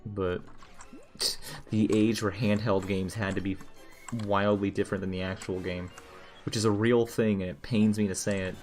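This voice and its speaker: Low-voiced, swearing gamer guy. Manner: muttering, profane, sarcastic. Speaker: game streamer. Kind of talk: casual gameplay commentary.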